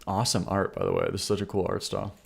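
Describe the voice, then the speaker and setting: A man's voice: low voice, very animated, rapid-fire, creaky, over loud music. A male streamer chats loosely while he reacts to submissions live. He rambles, restarts his sentences and stammers, and laughs often. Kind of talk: casual live-stream chat.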